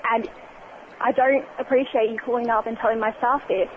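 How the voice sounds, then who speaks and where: A woman takes phone orders in a polite but firm, curt way. Her voice sits a little high and comes through a thin, phone-like line. Clear background noise runs underneath. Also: steady tone, fairly quick. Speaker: fish and chip shop worker.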